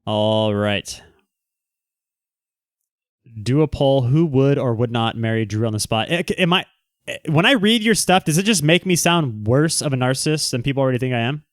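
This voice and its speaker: A man chats casually on a livestream, reading messages aloud and answering with teasing, joking banter. His mid-pitched voice is smooth and clear, and the sound is close and dry with no room around it. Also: expressive, moderate pace, dry recording. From Southern California. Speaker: livestream host reading chat.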